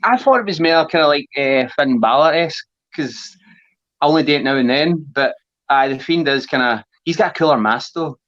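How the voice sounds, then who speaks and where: A man's voice: on the high side, lively intonation, a little fast, fairly bright tone, lo-fi sound. A Scottish man chatting as a wrestling guest, blunt and sweary, laughing often. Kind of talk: casual chat.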